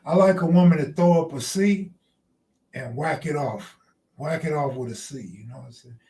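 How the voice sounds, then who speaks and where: Joking around with his chat during a relaxed live stream by the ocean, this man has a slightly high voice with a dark tone and normal speed. The audio is distant, with a roomy echo.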